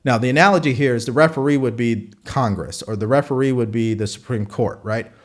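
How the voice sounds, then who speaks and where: A male host gives live political commentary with punchy, rhetorical delivery, repeating questions for emphasis. His voice is mid-range and brisk.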